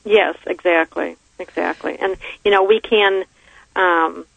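A woman with a gravelly edge explains handwriting to a radio host with plain everyday examples. She comes through a thin, phone-like line. The sound is dry, with no room around it. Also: fairly low pitch, fairly even intonation, measured pace, fairly bright tone, no echo. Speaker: handwriting analyst guest.

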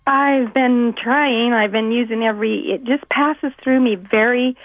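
A woman calling in to a radio show, talking in a worried, halting way. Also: on the high side, dry recording. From Salt Lake City. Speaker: caller. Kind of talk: phone-in conversation. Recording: tinny dry phone line.

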